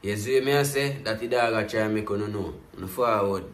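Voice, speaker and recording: A Jamaican man giving casual commentary as he reacts to a music video. He talks in patois, keeps looping back to the same catchphrase refrains, and stays animated throughout. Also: on the low side, a little fast, reverberant.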